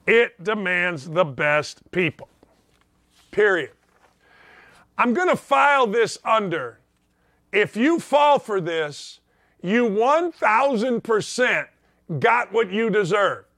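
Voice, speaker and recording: A man's voice: high voice, very animated, slow, long pauses, a bit bright, no echo, clean studio sound. An older man hosting a sports talk show, ranting emphatically in an opinionated monologue.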